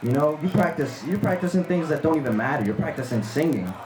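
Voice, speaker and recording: A man performing a stand-up comedy set, telling a crude story with animated laughing asides. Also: fairly high pitch, fast, slight background noise. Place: live comedy venue with audience. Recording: roomy live club recording with crowd.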